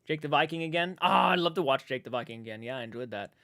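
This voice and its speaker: Man live-streaming from home, rambling chat, swears a lot, fairly high voice, dry sound. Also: expressive, fast, sharp tone, no room sound. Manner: rambling, swears freely, reads chat aloud.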